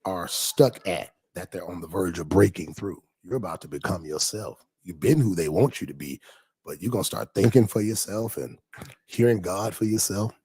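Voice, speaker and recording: A man, a pastor, chatting casually on a livestream, reading viewers' comments aloud and answering them, lively at times and dropping to near whispers. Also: low voice, normal speed, breathy edge.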